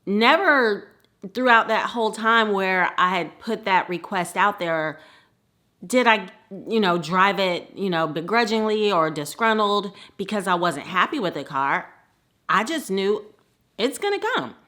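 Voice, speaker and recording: Bright-voiced woman from the Midwest. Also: medium pitch, measured pace. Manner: lively, laughs often. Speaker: storyteller. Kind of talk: personal storytelling.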